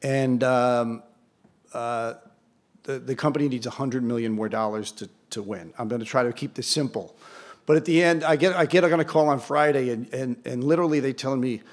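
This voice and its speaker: Speaking from the podium at an award ceremony, a man in his sixties tells a story to an audience in an event hall. His mid-range voice moves briskly, lively and conversational, and he pauses for dry jokes at his own expense.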